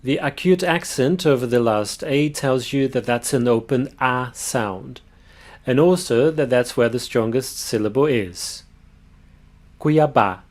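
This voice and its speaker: Man teaching pronunciation slowly. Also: medium pitch, darkish tone. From Brazil. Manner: slow, careful demonstration of words. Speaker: language teacher. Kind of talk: pronunciation lesson.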